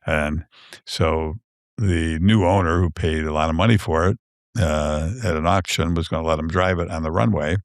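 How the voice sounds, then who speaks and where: A man's voice: very deep voice, steady tone, normal speed, no room sound. A man, a book author, chatting as a guest in a podcast studio, telling stories with many fillers and restarts. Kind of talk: casual podcast chat.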